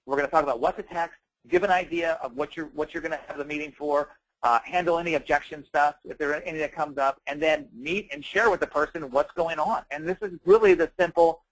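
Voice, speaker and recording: A man with a slightly high voice coaches an audience in a loose, conversational way. He talks fast and emphatically, with plenty of fillers. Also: rough recording. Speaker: network marketing trainer. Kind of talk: casual training talk.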